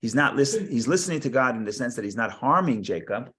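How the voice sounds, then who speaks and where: A man's voice: mid-range voice, lively intonation, fast talker, pushed and bright. A man teaching a Torah study class, reading verses aloud and explaining them with frequent restarts and repeated words.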